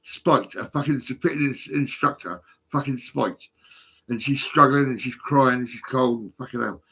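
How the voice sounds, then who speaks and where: A middle-aged man rambles into his phone, his voice husky and rough at the edges. He swears constantly and swings between low mutters and agitated outbursts. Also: moderate pace, bright, forceful tone. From England. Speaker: vlogger. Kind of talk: rambling monologue to camera.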